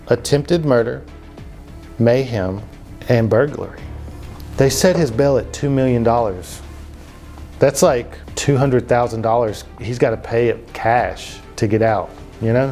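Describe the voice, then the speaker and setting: A man's voice: medium pitch, a little mellow. A man hosting a comedic true-crime podcast, telling the story in a loose, profane way full of fillers and asides. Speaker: podcast host.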